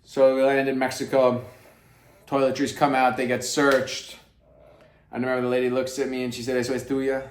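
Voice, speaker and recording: A man telling a story to camera in a brash, profane way, swinging between hushed asides and loud emphatic bursts. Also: mid-range voice, little pitch movement, moderate pace, roomy sound. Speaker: vlogger.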